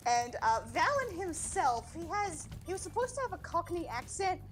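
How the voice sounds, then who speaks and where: Rambling, foul-mouthed high-voiced woman streamer. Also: normal speed, soft background music. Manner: rambling, animated, swears freely. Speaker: livestreamer. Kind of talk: casual chat while streaming a game. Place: home streaming setup.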